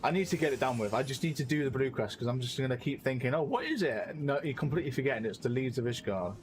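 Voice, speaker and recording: A man streaming a video game, chatting excitedly and laughing as he plays. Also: medium pitch, fast talker, noisy background. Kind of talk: live game-stream commentary.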